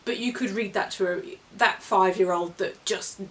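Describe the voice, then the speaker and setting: A woman's voice: medium pitch, moderate pace. New woman reviewing books, slightly off-mic. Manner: expressive storyteller, dramatic when reading aloud. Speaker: book reviewer and co-host. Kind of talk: casual book review chat. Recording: voice a little far from the mic.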